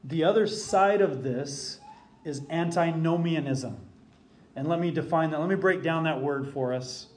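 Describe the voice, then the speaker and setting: A man's voice: fairly high pitch, normal speed, a little mellow, echoey room. A middle-aged man, a pastor preaching a sermon emphatically, his voice rising when he quotes scripture.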